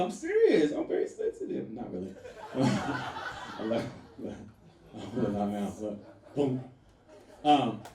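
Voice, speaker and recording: A man performing a stand-up comedy set, loud and animated, laughing through his punchlines and jumping to sudden shrieks. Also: mid-range voice. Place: comedy venue with a live audience. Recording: echoey room from far off with faint noise.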